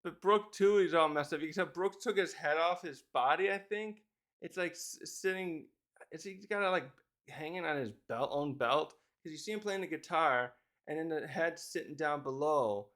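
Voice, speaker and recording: A man's voice: on the high side, moderate pace, fairly bright tone. Rambling man reviewing a comic chapter. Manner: rambling, thinks aloud and corrects himself. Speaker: manga reviewer.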